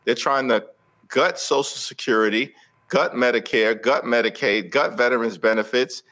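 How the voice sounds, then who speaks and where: A man speaking as a guest politician in an interview, forceful and rhetorical with a speechmaking cadence. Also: medium pitch, normal speed, dull audio.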